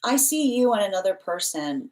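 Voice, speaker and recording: A woman's voice: mid-range voice, very animated, normal speed, low-quality recording. A woman hosting a live-stream tarot reading, chatty and affectionate, greeting viewers by name and rambling with fillers as she reads the cards. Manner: chatty, warm-hearted, reads comments aloud. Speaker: tarot reader.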